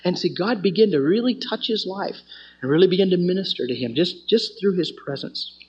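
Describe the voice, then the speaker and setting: A man's voice: sits high, expressive, fairly quick, husky. A man teaching a student fellowship, telling stories in an earnest sermon style and often restarting his phrases. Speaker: campus ministry teacher. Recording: dull lo-fi recording.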